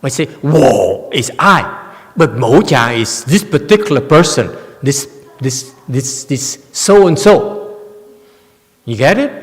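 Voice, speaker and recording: A man, a Buddhist master giving a Dharma lecture on a sutra, teasing and quizzing his audience with emphatic questions. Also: mid-range voice. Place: temple lecture hall. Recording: reverberant hall.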